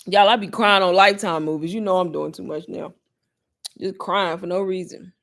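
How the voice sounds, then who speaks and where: A woman hosting a casual live Q&A stream, chatty and laughing often, talking straight to her viewers as y'all. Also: on the low side. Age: adult mother. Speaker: livestream host answering viewer questions.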